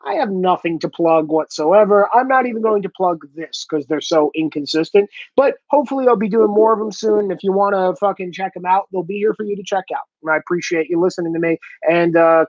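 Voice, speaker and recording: A man's voice: high-pitched, dry recording. A man ranting heatedly and profanely in a rambling solo monologue, recorded alone in a room. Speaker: solo vlogger. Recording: dull lo-fi, dry.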